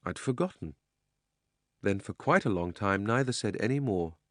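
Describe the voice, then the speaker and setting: A man narrating a children's audiobook in a measured, expressive reading. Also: lowish voice, no room sound, studio quality. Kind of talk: scripted storybook narration.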